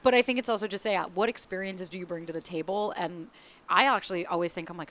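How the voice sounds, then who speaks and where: A woman's voice: mid-range voice, quick pace, a bit bright. A woman from the US East Coast in casual conversation, speaking candidly and animatedly, swearing freely and acting out the voices of people she quotes. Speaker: small business founder.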